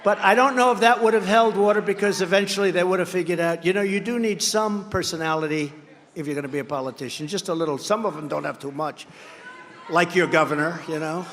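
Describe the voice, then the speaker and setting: A man's voice: high voice, fast talker, a bit bright. A man giving a rambling, boastful campaign rally speech at a podium microphone, mocking his rivals by acting out their words. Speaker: political candidate. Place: large campaign rally venue. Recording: long reverb of a large venue.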